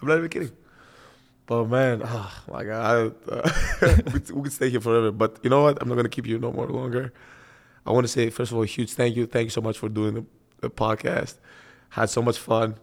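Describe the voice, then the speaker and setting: A young man hosts a podcast in an animated, playful way. His pitch sits in the middle of the range, and he jokes and teases his guest easily. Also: fairly quick, creaky. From Greece. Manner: animated, jokey, playful teasing. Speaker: podcast host. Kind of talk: casual conversation.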